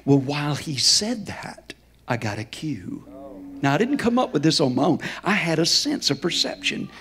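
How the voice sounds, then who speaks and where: A man's voice: fairly high pitch, sing-song, normal speed, fairly bright tone. A middle-aged man preaching as a guest in a church, telling stories in a folksy, chuckling way. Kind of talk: storytelling sermon. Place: church sanctuary.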